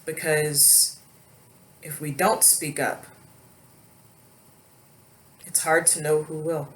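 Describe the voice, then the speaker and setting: A woman vlogger speaking slowly and haltingly, holding back tears as she talks to her viewers. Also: deep voice, flat delivery. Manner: slow, halting, emotional. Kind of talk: emotional personal vlog.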